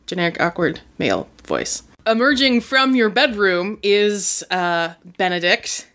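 A woman running a tabletop role-playing game, narrating playfully with quick asides and laughter. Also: medium pitch, sing-song, a bit bright. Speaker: game master.

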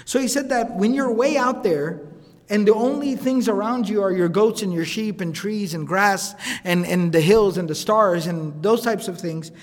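A man teaching a recorded religious lecture, speaking conversationally, reciting Arabic quotations quickly and often checking in with "right?". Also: high voice. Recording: lecture hall with long reverb.

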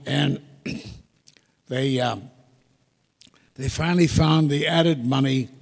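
A man's voice: medium pitch, gravelly, slightly rough. An older man telling rambling anecdotes with wry asides to a live audience as a guest speaker. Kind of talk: storytelling Q&A before an audience. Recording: echoey hall, live audience talk.

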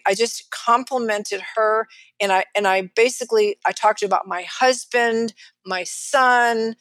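A middle-aged financial advisor with a Texan accent, telling stories lively in an interview and acting out the people she quotes. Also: fairly high pitch, unhurried, no echo. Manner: animated, acts out quotes of others. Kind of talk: storytelling in a podcast interview.

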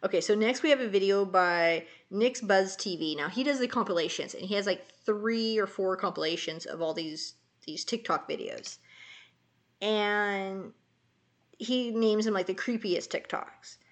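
A woman's voice: medium pitch, a little slow. A woman co-hosting a casual chat, retelling a story in a rambling way full of fillers. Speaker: podcast co-host.

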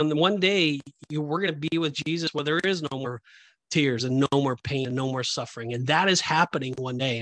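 A man with a fairly high voice leads a casual Bible teaching discussion on a podcast. He talks emphatically, leaning into his points and acting out reactions, and the sound is close and dry with no room around it. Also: dry recording. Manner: animated, emphatic, acts out reactions. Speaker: Christian podcast co-host.

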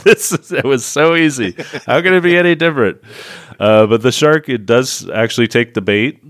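A man co-hosting a podcast, recapping a movie in a sarcastic, animated way. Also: medium pitch, normal speed, no room sound, studio quality. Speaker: podcast co-host. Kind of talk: casual movie review chat.

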